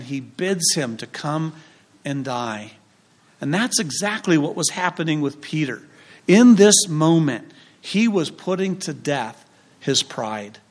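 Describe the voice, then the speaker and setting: A man preaching a sermon in a voice that sits a touch higher than most men's. He speaks with emphasis, his delivery swelling and falling with deliberate pauses between phrases. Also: fairly bright tone. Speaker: pastor.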